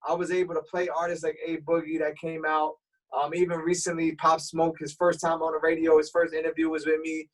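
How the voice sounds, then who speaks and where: A man being interviewed as a radio DJ, explaining things in a relaxed, streetwise way. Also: on the high side. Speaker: radio DJ guest. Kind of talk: casual interview chat. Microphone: remote call. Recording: voice a bit far from the mic.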